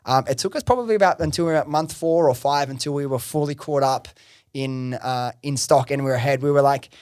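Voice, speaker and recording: A man telling his business story on a podcast, at a middle pitch, in a loose, chatty way. He gets excitable, swears freely and peppers his talk with "like" and "bro". He is recorded close on a dry mic with no room sound. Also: brisk, smooth, no echo. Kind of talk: casual storytelling interview.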